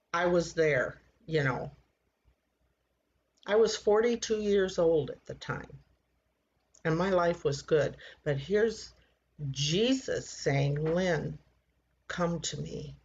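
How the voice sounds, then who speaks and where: A woman in her sixties giving an earnest personal faith testimony, halting and repeating words as she tells it. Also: deep voice, lo-fi sound. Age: 60s. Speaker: church member giving testimony.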